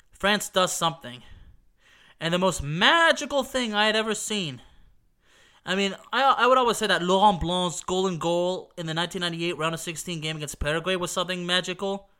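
A man's voice: high-pitched, normal speed, sharp tone, clean tone. A man retelling a football final he watched with his dad, emphatic and repetitive, swearing now and then, his voice stuffy from allergies. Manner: emphatic, repeats himself, swears, asks "okay?". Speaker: football fan recounting a match. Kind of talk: excited casual storytelling.

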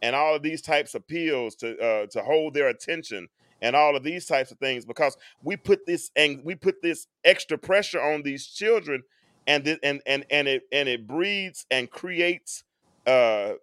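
An earnest man in his forties hosts a live stream, lecturing his audience and circling back over his phrases as he builds a point. His voice sits a little high for a man. The sound is close and dry, with no room around it. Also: unhurried, fairly bright tone, dry recording. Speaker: host.

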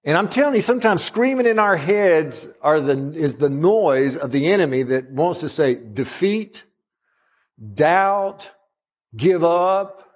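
A man's voice: expressive, normal speed, few pauses, slightly rough. Impassioned middle-aged male preacher. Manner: rises in pitch and volume on emphatic runs, drops soft on quiet points. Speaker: guest pastor. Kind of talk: sermon.

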